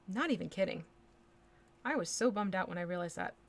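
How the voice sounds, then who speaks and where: An American woman hosts a miniature painting livestream, chatting casually and thinking aloud as she works, humming little nonsense syllables. Her lowish voice is animated and a bit fast.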